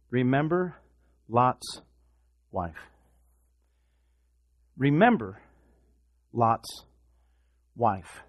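A man preaching a sermon, swinging from hushed, repeated words to loud, impassioned exhortation. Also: fairly high pitch. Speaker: pastor.

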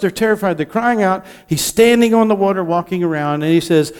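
High-voiced impassioned male pastor. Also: quick pace, few pauses, smooth. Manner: impassioned, swings between hushed and loud. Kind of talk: sermon.

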